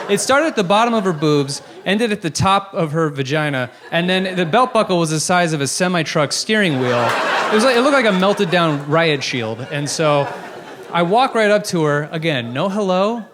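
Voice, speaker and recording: A man in his thirties doing a brash, profane, self-mocking stand-up set on a comedy club stage, speaking into a handheld mic. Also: a little high. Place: comedy club stage before a live audience.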